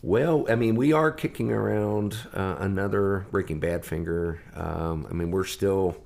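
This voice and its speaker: Low, gravelly-voiced man telling stories. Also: a little slow. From Ohio. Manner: lively storyteller acting out quoted voices. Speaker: guest musician. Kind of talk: anecdotal storytelling in conversation.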